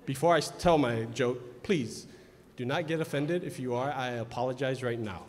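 A man's voice: mid-range voice, moderate pace. A man emceeing a live pageant, making announcements and telling a long joke to the audience over a microphone. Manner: chatty, storytelling, loud announcements. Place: large indoor event hall. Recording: long reverb in a large hall.

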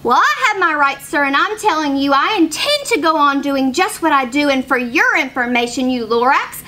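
A woman's voice: high voice, animated, normal speed, sharp tone. A woman voicing a greedy, stubborn man who argues back indignantly in a storybook read-aloud. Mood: defiant. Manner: indignant, emphatic.

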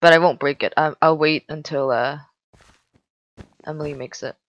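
A young woman chatting casually while gaming, giggly and teasing with excitable exclamations. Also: low-pitched, normal speed, dry recording, lo-fi sound. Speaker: gamer.

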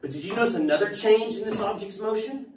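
Excitable high-voiced male teacher, echoey classroom. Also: fast talker, slight background noise. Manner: playful, excitable, jokey. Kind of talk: classroom lesson. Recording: echoey room, mic at a distance.

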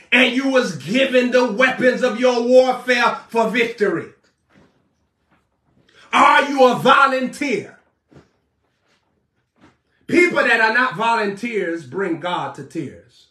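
A man preaching a fiery sermon, shouting, scolding and mocking his listeners. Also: very high-pitched, a little slow. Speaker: prophet preacher. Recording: echoey room, voice far from mic.

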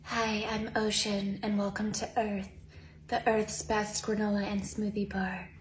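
Woman as a monotone, dreamy hippie barista, slow and serene, echoey room. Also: mid-range voice, pitched below the performer's own voice, natural voice.

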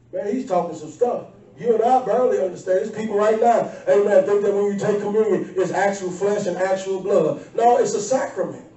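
A man preaching a sermon as pastor, animated, often breaking into shouts and laughter. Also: high voice. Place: church sanctuary. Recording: echoey church sound from far off.

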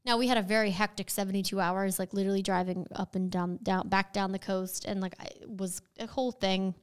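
A young woman co-hosting a podcast, chatting casually with quick, teasing reactions. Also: mid-range voice, steady tone, smooth. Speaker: podcast co-host. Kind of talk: casual chat.

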